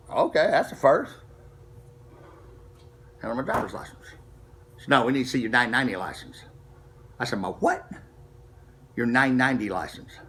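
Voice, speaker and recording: A middle-aged man casually telling a racing story to camera, profane and animated, acting out the people he quotes. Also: mid-range voice. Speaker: street racer telling a story.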